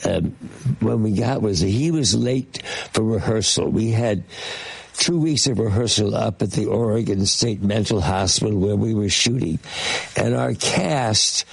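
An older man with a gravelly, husky voice tells long, meandering stories, stumbling over fillers and restarts. He slips into quick imitations of the people in them. The sound is close and dry, with no room around it. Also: lowish voice, no room sound, poor audio. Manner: rambling storyteller with many fillers and restarts; lively, mimics voices in his stories. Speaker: guest. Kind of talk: casual anecdote telling.

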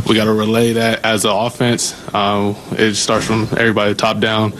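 A football player answering questions at a post-game press conference, clipped and full of fillers. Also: male voice, lowish voice, moderate pace, background noise. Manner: flat, clipped, with many fillers.

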